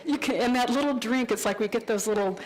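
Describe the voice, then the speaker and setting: A woman minister giving a sermon in a church, telling stories and acting out her own thoughts in lively voices. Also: fairly high pitch, quick pace, rough recording. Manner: animated storytelling, acts out her own inner voice. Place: church sanctuary.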